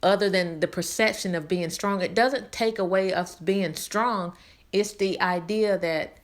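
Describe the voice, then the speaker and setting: A woman hosting her own channel, speaking earnestly and candidly to her viewers, repeating points for emphasis. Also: on the low side. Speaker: channel host. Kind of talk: personal vlog talk.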